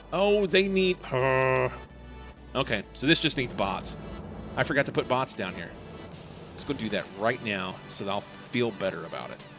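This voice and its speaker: A young man casually talking through a live game stream, rambling and answering chat. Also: mid-range voice. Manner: rambling, chatty, reads chat aloud. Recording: background game music.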